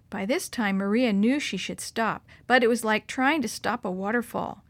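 A woman narrating a children's storybook aloud in an expressive, lively way. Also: on the high side, moderate pace, hardly any pauses, no echo.

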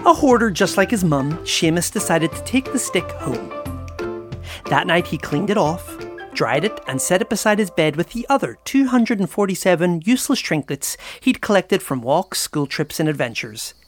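A woman narrating a children's story in a playful, expressive way. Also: on the low side, normal speed. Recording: narration over clear music.

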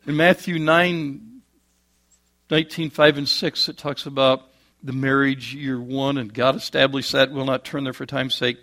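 A man preaching a sermon, swinging between loud, emphatic peaks and quiet, low asides, with homely jokes along the way. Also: little pitch movement, unhurried.

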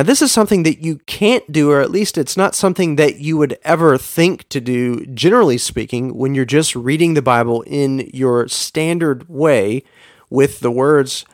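A man's voice: medium pitch, no echo, clean studio sound. A man teaching a Bible lesson, reading verses aloud with shifting stress and asking his listeners rhetorical questions.

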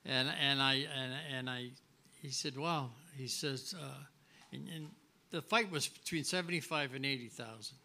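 This older man's voice is gravelly and mid-range, moving at a normal speed. Attending a live restaurant event as a guest, he tells a casual, animated tale, performing the lines of dialogue and frequently starting over.

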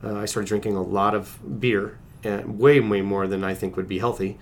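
A man's voice: lowish voice, flat delivery, normal speed. A middle-aged man recounting a personal story as an interview guest, earnest, with restarts and acted-out quotes.

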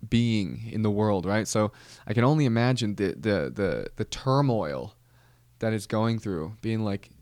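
A man hosting a comedy podcast, telling a rambling deadpan story with casual slang. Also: fairly low pitch, measured pace, dry recording. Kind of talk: comedic monologue.

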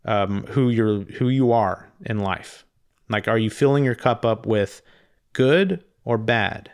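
Slow, halting reflective man. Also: mid-range voice. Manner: halting, frequent restarts; slow, thoughtful delivery. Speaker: speaker recounting a spiritual experience. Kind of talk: reflective spoken monologue.

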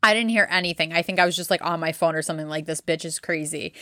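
A woman's voice: on the low side, animated, rapid-fire, few pauses, pushed and bright, no echo, studio quality. A young woman hosting a podcast, telling a story in casual chat, full of fillers and blunt swearing. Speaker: podcast host.

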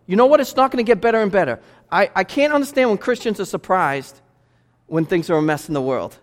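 High-voiced preacher in a reverberant church. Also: male voice, fast talker. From United States. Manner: lively, conversational preaching with rhetorical questions. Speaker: pastor. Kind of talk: sermon. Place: church sanctuary. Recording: church hall with long reverb.

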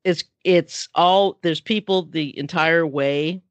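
High-voiced man chatting with laughs. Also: takes it slowly, no echo. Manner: laughs often, encouraging. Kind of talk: casual chat.

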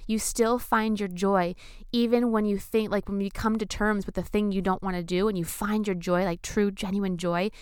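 Smooth-voiced woman talking spiritual manifestation. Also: medium pitch, fairly even intonation, normal speed, no echo, studio quality. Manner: enthusiastic, effusive, casual swearing. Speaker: spiritual vlogger. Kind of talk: casual spiritual talk to camera.

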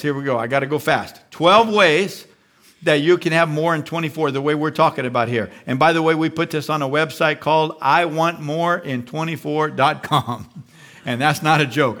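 Bright, lively male preacher. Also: on the high side. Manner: animated preaching, acting out inner voices. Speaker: pastor. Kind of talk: sermon.

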